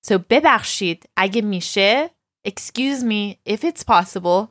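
A woman co-hosting a language lesson in a relaxed, playful teaching chat. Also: medium pitch, brisk, no room sound, studio quality. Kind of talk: casual explanatory teaching chat.

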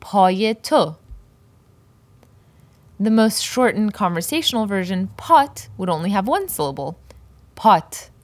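A woman teaching a Persian poetry lesson, explaining words slowly and carefully pronouncing each example. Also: mid-range voice, sing-song, no room sound.

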